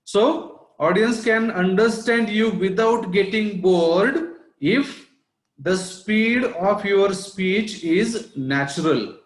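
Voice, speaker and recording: A man's voice: high voice, slow pace, reverberant. A man giving an online lecture on public speaking, explaining his points and often checking in with "right?". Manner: explanatory, repeats points, asks rhetorical "right?". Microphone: online class audio.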